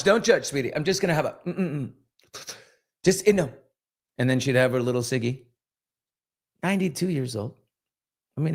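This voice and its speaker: A man's voice: mid-range voice, creaky. A man in his fifties hosting a casual live chat, reading viewer comments and telling candid, rambling stories. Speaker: host.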